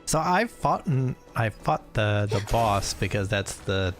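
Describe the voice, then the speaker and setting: A man's voice: fairly low pitch, very animated, slow, faint music behind. A man streaming a game, rambling and joking as he plays. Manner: rambling, joking, reads lines aloud. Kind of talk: gameplay commentary.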